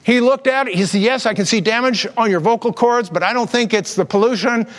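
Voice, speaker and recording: A high-voiced man preaching in a church, with a long hall reverb trailing his words. He is a pastor in his fifties telling personal stories with animated energy, putting on voices when he quotes people. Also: a little fast. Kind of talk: sermon with storytelling.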